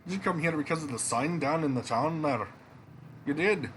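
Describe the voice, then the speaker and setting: A man's voice: fairly high pitch, lively intonation, moderate pace, fairly bright tone, a little hiss or hum. A man voicing a blustering old king and worried father in a put-on Scottish accent, with a theatrical, old-fashioned manner. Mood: commanding.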